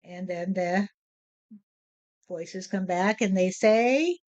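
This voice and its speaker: A woman speaking as a spiritual medium in a slow, measured way, often repeating "you see.". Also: medium pitch, darkish tone, highs cut off. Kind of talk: spoken spiritual monologue. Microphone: handheld voice recorder.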